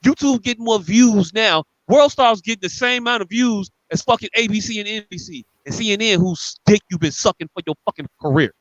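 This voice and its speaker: A man's voice: high voice, brisk, few pauses, a bit bright, no echo, dull audio. A man co-hosting a podcast, ranting angrily and profanely with lots of repetition. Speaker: podcast co-host. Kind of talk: heated podcast rant.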